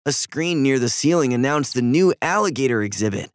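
A man narrating a children's storybook with an expressive, varied delivery. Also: medium pitch, fairly quick, clear, resonant tone, no room sound, studio quality.

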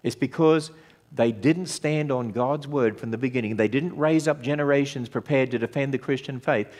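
A man's voice: medium pitch, normal speed, a little mellow. Emphatic male sermon speaker. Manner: emphatic, rhetorical questions. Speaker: ministry speaker. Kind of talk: sermon-style talk.

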